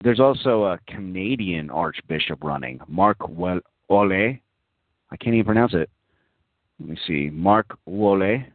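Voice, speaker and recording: A man's voice: low-pitched, animated, measured pace, no echo. A man hosting a casual call-in talk show, mocking and profane, rambling through many fillers, over a dry, tinny phone-line recording.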